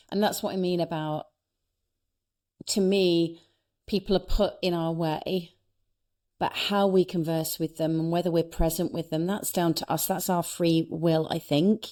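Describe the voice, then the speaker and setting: A woman who works as a speaker and coach appears as an interview guest, sharing personal stories in an earnest, reflective, conversational way. Her voice is fairly low in pitch with a darkish tone.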